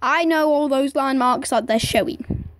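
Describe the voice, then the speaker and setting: A woman's voice: high voice, measured pace. A woman with a Manchester accent giving casual reaction commentary, blunt, sarcastic and swearing freely. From Manchester, England. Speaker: streamer reacting to videos. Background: music from the played video.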